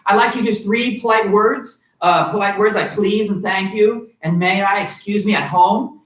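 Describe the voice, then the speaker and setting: A man's voice: high voice, normal speed. Upbeat male instructor in a roomy studio. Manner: upbeat, animated, coaxing children. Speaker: martial arts instructor. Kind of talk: live-streamed kids' class teaching. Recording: roomy sound from far off.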